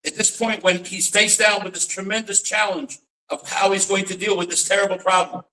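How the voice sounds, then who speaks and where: A man's voice: high-pitched, little pitch movement, fairly quick, sharp tone, far from the mic, poor audio. A man, a rabbi and author, giving a dramatic storytelling lecture to an audience, weaving in Yiddish phrases and often restarting his sentences.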